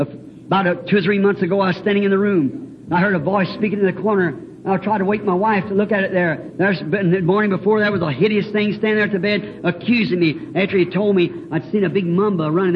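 Male preacher, high voice, folksy storytelling sermon, lo-fi archive tape with faint hiss. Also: fairly even intonation, fast. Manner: folksy, rambling storyteller with emphatic exclamations. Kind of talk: fervent sermon with personal testimony. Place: church building.

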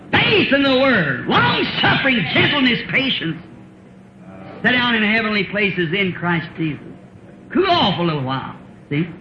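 A man in his fifties preaches a sermon in a folksy, chuckling manner, firing questions at his congregation in a very high, widely swinging voice. The muffled, roomy recording with background noise sounds like an old tape made in a church hall.

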